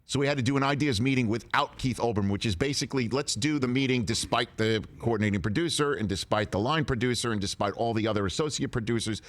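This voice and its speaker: A middle-aged man hosting a sports radio talk show, telling stories with lively quoted voices. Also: mid-range voice, fast talker, few pauses. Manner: animated storytelling with quoted voices.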